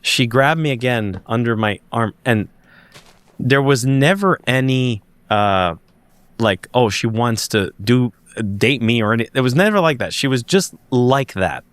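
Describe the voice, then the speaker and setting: A man's voice: mid-range voice, measured pace, smooth, no echo. A man, a podcast guest, telling a personal story casually and acting out the dialogue as he goes. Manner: animated storyteller who acts out the dialogue. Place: lives in Montreal.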